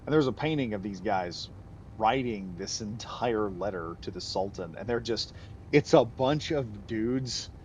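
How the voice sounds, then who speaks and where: A man's voice: on the low side, animated, unhurried, a little mellow, slight background noise. A man streaming a game, chatting casually and rambling off on tangents with frequent laughs. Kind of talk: casual live gameplay commentary.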